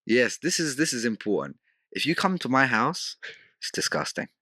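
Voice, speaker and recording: A young man tells house stories on a podcast with lots of swing in his pitch and a bright, forward tone. He slips into quick impressions of friends as he goes. The recording is dry and close. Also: no echo. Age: young adult. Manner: animated storyteller, mimics housemates. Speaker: podcast guest. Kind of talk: casual podcast chat.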